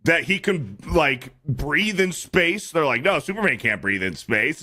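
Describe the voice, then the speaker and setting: A man co-hosting a casual podcast, ranting with lots of swearing and shouting when angry. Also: on the high side, animated, a little slow, few pauses. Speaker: podcast co-host.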